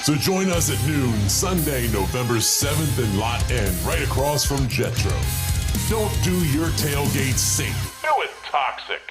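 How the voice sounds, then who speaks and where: Guy doing radio promos, playful and punchy, voice bouncing all over, loud music under him. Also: medium pitch, big pitch swings, unhurried. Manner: playful, punchy delivery with sung-out words.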